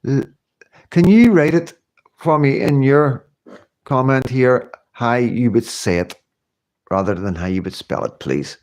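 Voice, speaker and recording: A man's voice: medium pitch, expressive, unhurried, pauses often, a little mellow. A man talks straight to his viewers on a live stream in an unscripted, rambling way, circling back over the same points. He sounds earnest, swears casually, and breaks off to answer their comments. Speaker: livestream host.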